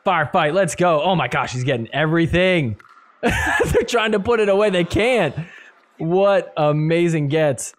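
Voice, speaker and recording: A man hosting a podcast, giving animated play-by-play commentary over match replays and laughing often. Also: fairly high pitch, a little slow, no echo. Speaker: podcast host. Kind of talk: excited sports recap commentary.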